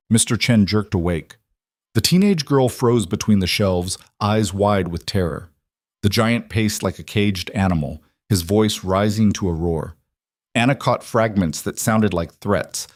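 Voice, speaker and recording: Low-voiced male storyteller, dry and close. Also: no echo. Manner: dramatic, suspenseful storytelling. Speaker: narrator. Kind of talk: scripted narration.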